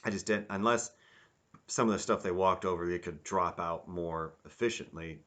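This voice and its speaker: Man, very low voice, casual rambling review, animated, mock voices for quotes. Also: moderate pace. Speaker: YouTube reviewer.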